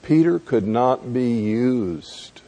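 A man's voice: mid-range voice, lively intonation, drawn-out words, warm tone. A man preaching a sermon who acts out the dialogue of scripture scenes in a dramatic way.

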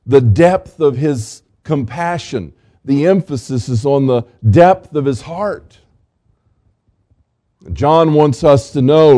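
A middle-aged man preaching a gentle, earnest Christmas sermon, with fillers and restarts. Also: mid-range voice. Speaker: pastor.

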